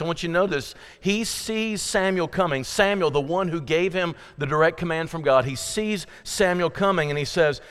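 A man's voice: on the high side, normal speed, a bit bright, clear, resonant tone, in a large hall. A man preaching a sermon earnestly, reading scripture aloud with emphasis. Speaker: pastor.

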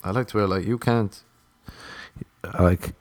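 A man's voice: fairly low pitch, fairly even intonation, unhurried, dry recording. An Irish man doing stand-up comedy, ranting and swearing, acting out little voices in his stories. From Ireland. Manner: profane, ranting, acts out voices.

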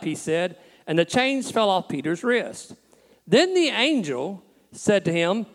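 A man's voice: sits high, sing-song, measured pace, in a large hall. A man who is a pastor, preaching a sermon in a folksy, storytelling way. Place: church.

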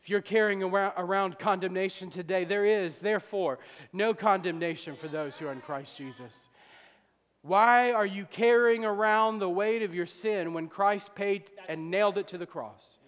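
A male pastor preaches with fervor in a high, bright-edged voice, drops to near-confiding tones, then rises to shouting appeals. His voice rings with the long reverb of a church sanctuary. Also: moderate pace. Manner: fervent, swings from soft confiding to loud shouting. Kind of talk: sermon.

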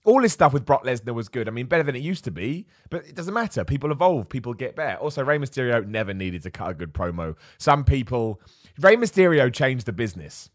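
A chatty male host talking through a live wrestling stream, animated and quick to laugh. His voice sits at a middle pitch. The sound is dry and close, with no room echo. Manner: chatty, animated, laughs often, repeats himself. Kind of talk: casual live-stream commentary.

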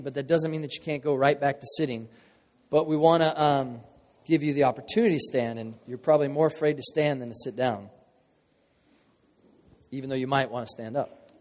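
A man preaching in a relaxed, conversational way, tossing in jokes and then pressing a point hard. His medium-pitched voice rings out with a long reverb tail, as in a big church sanctuary. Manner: informal and joking, with sudden emphatic bursts. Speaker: pastor. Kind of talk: conversational sermon. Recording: long reverb of a large hall.

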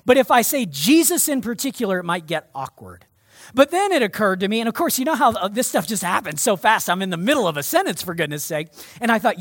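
A male pastor delivering a sermon to his church in an emphatic, energetic way. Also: sits high, brisk, dry recording, clean studio sound.

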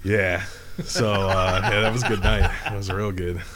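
A man's voice: low-pitched, steady tone, moderate pace, heavy background noise. A man in a casual, profane, rambling chat, talking about metal shows as a podcast co-host. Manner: laid-back, profane, rambling.

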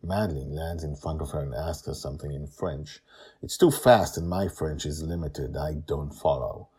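A man with a deep, husky voice narrates a serialized story podcast. He reads with lively emphasis, then chats to listeners as host. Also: moderate pace.

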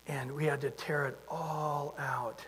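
A man's voice: a little high, flat delivery, unhurried, fairly bright tone, slight background noise. A man preaching a sermon in a conversational way, asking his listeners rhetorical questions. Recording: long hall reverb.

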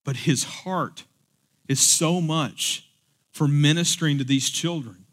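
A man's voice: on the high side, slow, a bit bright. Conversational male pastor preaching a sermon. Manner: conversational, building to emphatic peaks.

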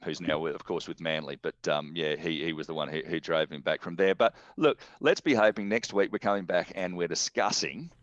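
An Australian man hosts a casual sports podcast with enthusiastic, rambling chatter. His voice sits very low, and the recording is dry and dull with little room sound. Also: brisk, few pauses, no room sound. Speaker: podcast host.

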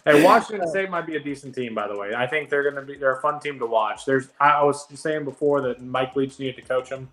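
A man co-hosting a sports podcast, telling stories in an animated, profane way. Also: mid-range voice, a little fast, few pauses, reverberant, soft background music. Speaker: podcast co-host. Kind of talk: casual sports chat.

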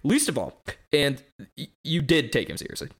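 A fiery young skeptic lecturing a bishop in a dramatic monologue, as a man performs it. His fairly high voice leaps up and down as the rhetorical questions pile up. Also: big pitch swings, normal speed, a bit bright, breathy edge, full character voice. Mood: impassioned. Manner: impassioned, rhetorical, escalating rants.

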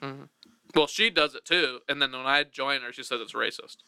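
A man's voice: mid-range voice, moderate pace, vocal fry, sharp tone, clean tone, no room sound. A man hosting a casual comedy podcast, rambling and laughing often as he jokes. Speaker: podcast host.

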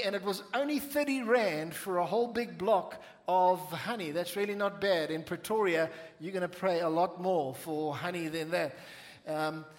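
A man preaching a sermon to a church congregation, with playful asides and slowed-down emphasis on key lines. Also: high voice, in a large hall. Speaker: pastor. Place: church sanctuary.

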